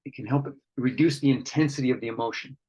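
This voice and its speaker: A man's voice: medium pitch, fast talker, dark tone, slightly rough, muffled recording. A man facilitating an online workshop, reading out participants' comments and reflecting on them in an earnest, conversational way, with frequent restarts.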